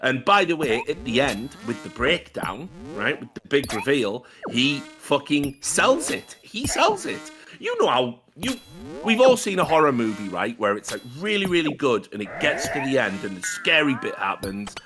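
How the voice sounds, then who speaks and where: A man's voice: mid-range voice, sing-song, moderate pace, over music, rough recording. A man co-hosting a casual film podcast, telling a rambling story full of swearing. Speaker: podcast co-host.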